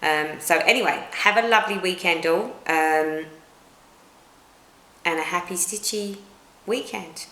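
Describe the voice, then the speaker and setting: A woman's voice: on the low side, measured pace, long pauses, bright, forceful tone. A middle-aged woman with a British accent, chatting at home in a casual vlog and rambling with many restarts. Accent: British English. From United Kingdom. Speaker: cross-stitch vlogger. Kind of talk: casual chat. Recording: roomy echo.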